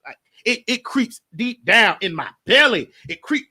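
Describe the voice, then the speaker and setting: A man's voice: high-pitched, big pitch swings, normal speed, sharp tone. A man hosting his own show, talking in a rambling, emotional, repetitive way about his feelings and his mental health. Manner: emotional, rambling, repeats himself. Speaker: host. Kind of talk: casual monologue.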